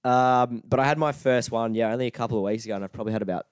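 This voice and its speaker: A man's voice: mid-range voice, very fast, clean tone, no echo, clean studio sound. A young Australian man co-hosting a podcast, blunt and swearing freely in casual chat. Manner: blunt, swears freely, mock-outraged rants. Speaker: podcast co-host.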